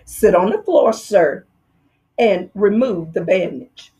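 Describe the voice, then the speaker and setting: A woman voicing a kindly, careful male mouse dentist in a storybook read-aloud, speaking high, firm and precise. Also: animated, slow, mellow, slightly rough.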